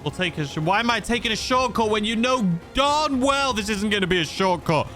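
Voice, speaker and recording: A man's voice: high-pitched, lively intonation, fairly quick, pushed and bright, faint music behind. A man giving rambling, self-mocking gameplay commentary that tips into frustration. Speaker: gaming YouTuber.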